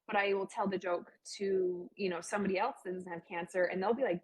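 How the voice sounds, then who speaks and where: A woman's voice: mid-range voice, steady tone, quick pace, few pauses, slight background noise, low-quality recording. A young adult woman speaking as an interview guest in a chatty, heartfelt way, with many "like" fillers. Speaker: guest sharing her cancer story. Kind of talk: casual interview talk.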